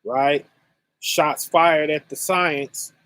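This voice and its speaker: A man hosting a religious online conference, teaching scripture casually and speaking slowly and deliberately to his chat viewers, often asking "right?". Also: on the high side, fairly even intonation, fairly bright tone, no echo. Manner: slow and deliberate, addressing chat viewers directly; conversational, with frequent "right?" and "you know".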